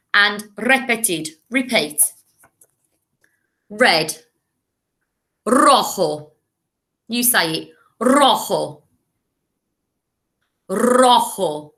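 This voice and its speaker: Slow, bright-voiced English woman teacher. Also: medium pitch. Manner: slow, clear, encouraging, modelling words to repeat. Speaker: primary school teacher. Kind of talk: recorded online language lesson for children.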